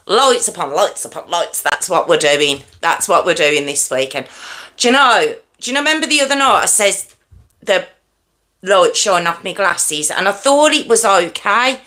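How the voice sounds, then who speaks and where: A woman hosting a live stream from home, chatting excitedly with viewers and talking to herself as she adjusts her setup. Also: mid-range voice. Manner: excitable, chatty, talks to herself while fiddling with lights. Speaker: true crime live-stream host. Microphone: desk microphone.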